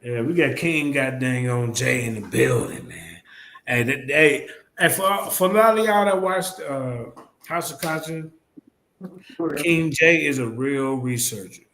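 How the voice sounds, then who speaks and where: A man's voice: mid-range voice, unhurried, gravelly, a bit bright, roomy sound. A man hosting a casual live stream talk, loose and repetitive, swearing casually. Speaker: host.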